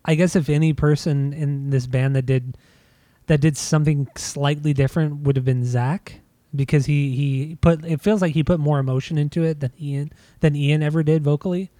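A man's voice: a little high, fairly even intonation, normal speed, mellow, dry recording. Stammering man in a dry room. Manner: insistent, stammering restarts. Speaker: podcast co-host. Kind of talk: casual music discussion.

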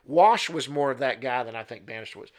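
Middle-aged man, folksy, rambling, casual host monologue, medium pitch. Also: lively intonation, a little fast.

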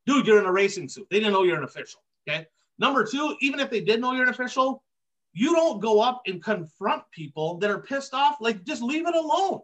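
With an extremely high-pitched, fairly bright voice, this racing podcast host rants emphatically about dirt track racing. His heated, casual commentary hammers home each point with repeated catchphrases.

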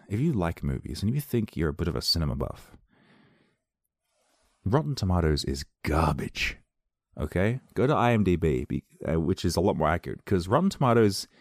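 A man's voice: low-pitched, darkish tone, dry recording, clean studio sound. A man reviewing films on his own podcast, talking casually, enthusiastically and in a rambling way.

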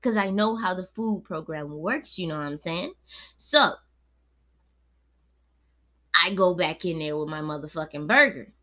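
A woman's voice: lowish voice, lively intonation, a little slow, long pauses, bright, forceful tone. Host, woman in her late twenties, casual profane storyteller, laid-back one moment and heated the next. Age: 20s. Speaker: podcast host.

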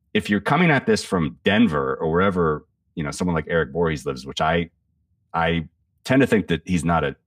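A man's voice: low-pitched, no room sound, far from the mic. A man giving casual political commentary on a podcast, blunt and profane, rambling with frequent restarts.

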